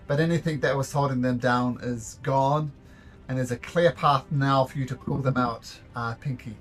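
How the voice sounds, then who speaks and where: A man running a tabletop game as game master, narrating in a halting way with many fillers and repeated words. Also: mid-range voice, steady tone, a bit bright, faint music behind.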